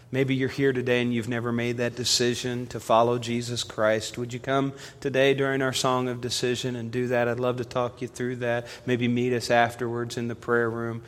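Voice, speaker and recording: A man delivers a sermon from the pulpit, his mid-pitched voice carrying through a church hall with a long reverb tail. He tells stories in a storyteller's rhythm, pushing hard on key lines and then dropping to a near hush for his appeals. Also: completely flat delivery, moderate pace, few pauses. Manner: storytelling preacher, swings from loud emphasis to hushed appeal. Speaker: pastor. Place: church sanctuary.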